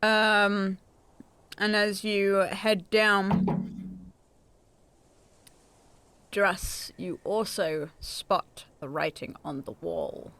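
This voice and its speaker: A woman running a tabletop game over a voice call, chatty and quick to laugh. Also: mid-range voice, smooth, no echo. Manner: laughs often, relaxed and chatty. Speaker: game master.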